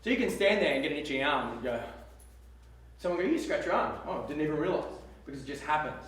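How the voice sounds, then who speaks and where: An Australian man in his twenties speaks to a school audience, jokey and animated, stretching out words for effect. His slightly raised voice sits far from the mic, and it rings around a big echoey theatre with faint room noise behind. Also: on the high side. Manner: lively, joking, drawn-out emphasis. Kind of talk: live talk to students.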